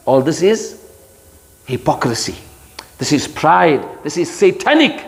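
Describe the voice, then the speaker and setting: A man giving a sermon of Quran commentary, emphatic, rising into high rhetorical challenges and chanting Arabic verses. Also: big pitch swings, a little slow, creaky, pauses often. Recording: long hall reverb.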